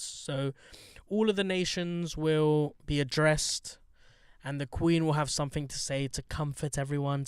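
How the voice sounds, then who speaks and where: A man's voice: fairly high pitch, clear, resonant tone, no echo, studio quality. A man hosting a podcast, chatting in a blunt, joking, sweary way with lots of slang. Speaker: podcast host. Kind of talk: casual chat.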